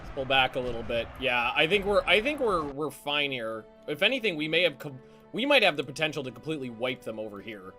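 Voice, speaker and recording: A man giving live commentary on a strategy game, talking in halting restarts with casual swearing and barking quick orders to his units. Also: on the high side, big pitch swings, sharp tone, faint music behind. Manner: barks quick orders to units, voice jumps up when alarmed. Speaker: streamer.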